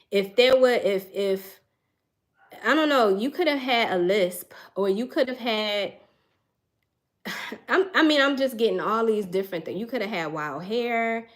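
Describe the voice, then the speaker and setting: A young woman reads tarot cards for her viewers in a musing, searching way. She sighs often and restarts her sentences as she looks for the right words. Her tone stays earnest and emotional. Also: medium pitch. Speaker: tarot reader. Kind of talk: intuitive tarot reading.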